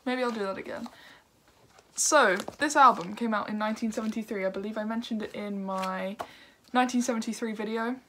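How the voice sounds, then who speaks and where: A young woman talks straight to her camera about an album she loves. Her voice is at an ordinary middle pitch, and she chats in an upbeat, friendly way, full of ums and small laughs. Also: bright, forceful tone. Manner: chatty and upbeat, with frequent fillers and laughs. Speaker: music reviewer. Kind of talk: casual video review.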